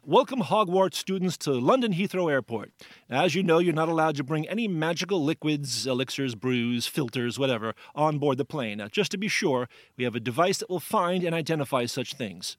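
A man hosting a pun quiz segment on a radio show, his voice lively and bouncing across a wide range. He sounds slightly higher than most men and talks with a jokey, teasing lilt. The sound is close and dry. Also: fairly quick, dry recording. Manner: jokey, sets up puns, laughs often.

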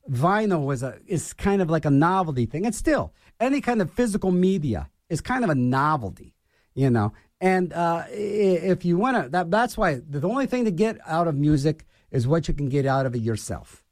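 A man's voice: a little high, very animated, normal speed, no room sound, studio quality. A man hosting a radio show, rambling and ranting in a self-mocking way as he jumps from topic to topic. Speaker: radio DJ host. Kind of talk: rambling on-air monologue.

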